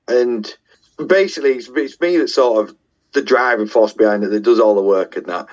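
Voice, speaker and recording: A man's voice: medium pitch, a little fast, highs cut off. A middle-aged man with a Yorkshire accent, a guest musician telling casual, self-deprecating stories with the odd swear word. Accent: Yorkshire English. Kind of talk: casual storytelling.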